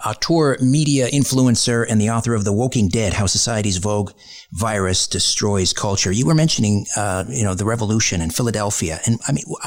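A man hosting a talk radio show, reading out his guest's credentials and asking long, leading questions. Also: medium pitch. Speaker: radio host.

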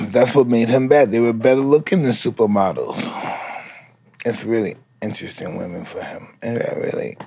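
A man in his fifties hosting a casual podcast chat, talking slowly and emotionally while high on mushrooms. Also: creaky, darkish tone, breathy edge. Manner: slow, emotional, storytelling. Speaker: host. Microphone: studio mic.

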